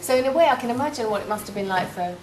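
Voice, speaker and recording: A middle-aged English woman telling stories in casual, animated chat with other housemates. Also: a little high, rapid-fire, a loud crowd. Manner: chatty, animated storytelling. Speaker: reality show housemate. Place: shared house kitchen, indoors. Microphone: distant room mics. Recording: echoey room, loud kitchen clatter. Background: clattering dishes and cutlery.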